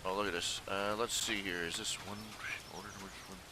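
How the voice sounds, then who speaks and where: A man talking to his viewers from his computer at home, casual and meandering, full of fillers and restarts. His voice sits a bit low. A steady noise runs under the recording. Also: a little fast. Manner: rambling, hesitant, many fillers and restarts. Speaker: webcomic artist streaming live. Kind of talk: casual live-stream talk to viewers.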